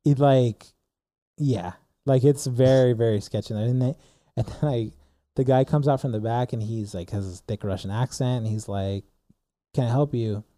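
A young man tells a story on a podcast and rambles with lots of "like"s. His voice is very dark and mellow. The sound is dry and close. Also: mid-range voice, moderate pace, dry recording. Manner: rambling, animated storyteller with many "like"s. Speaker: podcast co-host. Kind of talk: casual storytelling chat.

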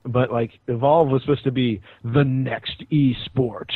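A man co-hosting a gaming podcast over a muffled online call, talking in a hesitant, halting way. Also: mid-range voice, steady tone, dry recording. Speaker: podcast co-host. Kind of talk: casual gaming podcast chat.

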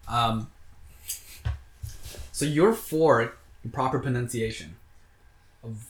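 A man in casual chat, teasing and rambling, with soft asides. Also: medium pitch, slow pace.

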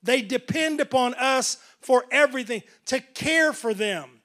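A man's voice: very high voice, expressive, measured pace, fairly bright tone. A middle-aged pastor preaching a sermon earnestly, often repeating words as he builds emphasis.

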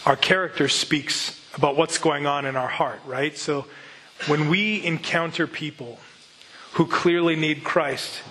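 A male preacher delivers an earnest sermon. His voice sits a touch high, and his tone is bright and forceful as he builds toward rhetorical questions. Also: fairly even intonation, a little slow, slight background noise, poor audio. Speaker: pastor.

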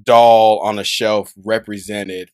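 A man hosting an interview, rambling warmly through his questions with lots of fillers. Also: fairly low pitch, flat delivery, slow pace, clear, resonant tone, dry recording, clean studio sound. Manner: rambling, repeats filler phrases. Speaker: podcast host. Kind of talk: casual interview.

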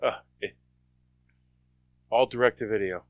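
A man in casual chat, recalling details haltingly and repeating words. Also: on the low side, no room sound.

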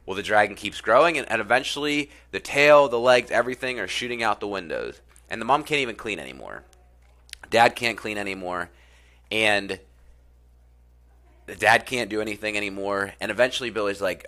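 A man talks about self-improvement in a casual, earnest way. His low-pitched voice is bright and forceful. He often repeats phrases and drops in fillers as he retells a story. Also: expressive, fairly quick. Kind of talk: casual spoken talk and storytelling.

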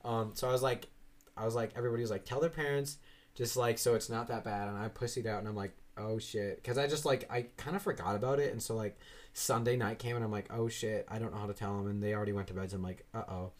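A young man in casual chat, rambling through stories with lots of swearing and acted-out quotes. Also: quick pace. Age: young adult. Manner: rambling, swearing, acts out quoted voices with big jumps up in pitch.

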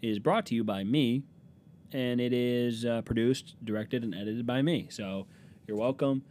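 A man's voice: medium pitch, moderate pace, a little mellow, slight background noise. A young man hosting his own podcast alone at a desk microphone, telling crude, rambling, self-mocking stories. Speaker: podcast host. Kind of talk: solo comedic podcast monologue. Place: small room at a desk, recording alone.

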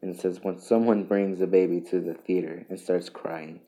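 A man with a deep, very dark and mellow voice hosts a casual solo podcast. He reads memes aloud in an even, flat tone, stopping and restarting often and chuckling between lines. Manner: halting, self-interrupting, chuckles between lines. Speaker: podcast host.

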